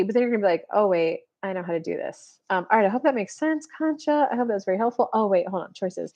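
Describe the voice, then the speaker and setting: A woman's voice: mid-range voice, quick pace, few pauses, darkish tone, dull audio. A woman in her thirties giving a casual live-stream tarot reading, chatty, full of "like", acting out little made-up dialogues as she talks. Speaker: tarot reader.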